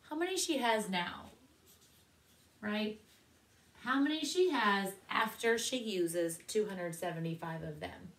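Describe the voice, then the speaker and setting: A woman's voice: mid-range voice, animated, slow pace, a bit bright. Encouraging woman teaching second-grade math. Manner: encouraging, asks many questions. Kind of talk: classroom math lesson.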